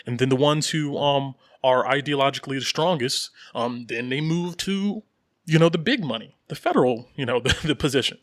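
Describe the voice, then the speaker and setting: At medium pitch and normal speed, with no room sound, a podcast co-host keeps the conversation loose and lively. He rambles, repeats himself, leans on fillers, and laughs as he speaks.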